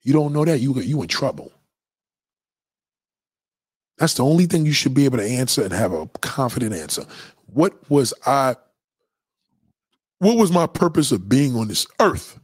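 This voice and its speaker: A man streaming a casual, profane monologue, preachy and animated as he lectures his viewers. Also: medium pitch, moderate pace, pauses often, slightly rough, no echo, studio quality. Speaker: live streamer.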